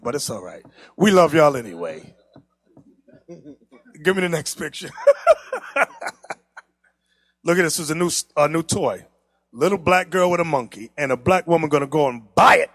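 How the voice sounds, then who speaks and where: A man teaching a class from pictures, animated and teasing, who laughs often and talks straight to the room. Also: on the high side, moderate pace, long pauses, no room sound, studio quality. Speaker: class instructor. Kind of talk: lively classroom lecture with pictures.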